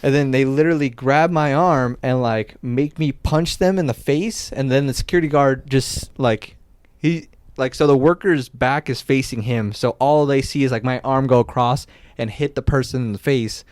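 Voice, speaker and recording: A young man spins a long, rambling story in a casual podcast chat, tossing in filler words and curses. His voice sits at an ordinary pitch, and the recording is dry and close. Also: normal speed, hardly any pauses, clear, resonant tone, no room sound. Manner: animated, swears often, lots of "like" fillers. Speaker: podcast co-host.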